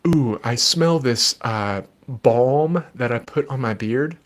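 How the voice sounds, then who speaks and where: A man who is a child therapist and podcast host, giving patient, gentle advice in a live Q&A from his desk at home. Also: medium pitch, takes it slowly. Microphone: desk microphone.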